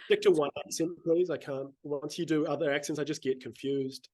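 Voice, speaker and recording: This is a man hosting a casual podcast, with a voice pitched a bit high for a man. He is playful and swears freely, and he slips into mock quoted voices to tease his guest. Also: fairly even intonation, fairly quick, warm tone, dry recording. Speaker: podcast host. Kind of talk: casual chat.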